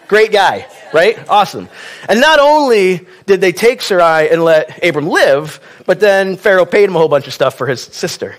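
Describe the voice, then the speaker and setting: A male preacher delivers a sermon in a relaxed, conversational tone. He drops wry asides and questions aimed at the congregation. His voice sits a little higher than most men's. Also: moderate pace.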